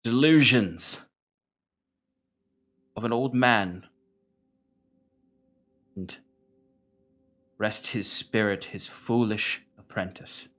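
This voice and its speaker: A man's voice: sits low, steady tone, fast, few pauses, sharp tone, breathy edge, full character voice. A man doing a scornful female boss. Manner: curt, contemptuous.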